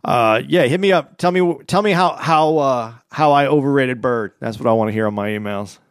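A man co-hosting a podcast in relaxed casual chat, often trailing off with fillers. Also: mid-range voice, normal speed, clear, resonant tone, no room sound. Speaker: podcast co-host.

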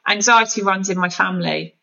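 A woman's voice: medium pitch, brisk, gravelly, pushed and bright, highs cut off. A woman, a podcast guest talking earnestly and candidly about her own parenting. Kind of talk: candid conversational storytelling.

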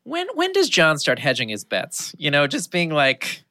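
A podcast guest joins a casual chat and drops playful, joking asides. The voice is bright and a little sharp. The pitch moves about in an animated way. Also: normal speed.

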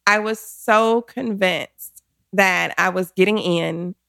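A woman shares a story from her own life in relaxed conversation. Her voice sits in a middle register with a noticeable gravelly fry. She is animated and laughs often as she tells it. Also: mid-range voice, takes it slowly. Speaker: guest telling a personal story. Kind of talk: casual storytelling chat.

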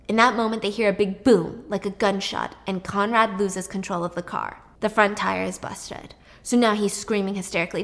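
A woman casually retelling a film plot, animated and chatty with lots of fillers. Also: mid-range voice, moderate pace, hardly any pauses.

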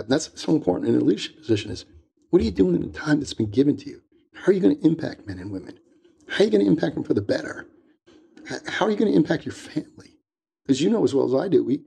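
A man's voice: medium pitch, vocal fry, warm tone, breathy edge. An older man talking earnestly about family and faith as a podcast guest. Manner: earnest, reflective, storytelling. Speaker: guest speaker. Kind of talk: casual podcast conversation.

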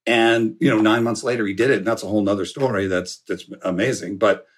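A man's voice: fairly low pitch, fast. A middle-aged man telling a family story in a casual podcast chat, acting out the people he quotes. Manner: animated storyteller, acts out quoted voices. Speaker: guest, son of an actor.

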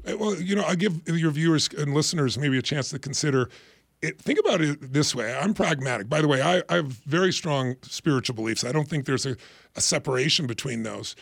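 Man, middle-aged, gravelly, rapid delivery, emphatic, dry close sound. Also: a little high, expressive, no echo. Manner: emphatic, acts out quoted voices, laughs. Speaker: guest, life strategist. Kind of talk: motivational explanation in interview.

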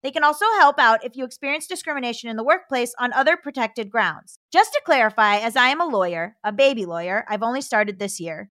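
A woman's voice: on the high side, lively intonation, fast, hardly any pauses, pushed and bright, no echo, clean studio sound. A woman co-hosting a podcast, reading listener letters aloud and riffing with a laugh between them.

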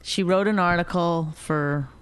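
A woman's voice: fairly low pitch, measured pace, clear, resonant tone, no echo. A woman co-hosting a casual comedy chat, dry and teasing. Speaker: co-host.

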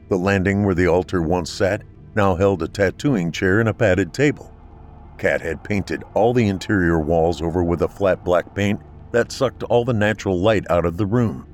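A man with a very deep voice reads a dark horror tale in a steady, measured way. Faint music plays softly behind him. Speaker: narrator. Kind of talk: scripted horror story narration.

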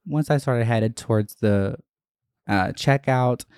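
A young adult podcast host telling a personal story in casual, profane monologue, acting out the other people in higher voices. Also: takes it slowly, a little mellow, clear, resonant tone, no echo, clean studio sound.

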